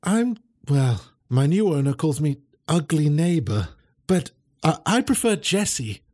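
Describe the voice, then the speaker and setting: Man voicing a gentle faltering greyhound mother. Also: on the high side, big pitch swings, measured pace, pitched above the performer's own voice. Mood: sad. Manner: soft, faltering.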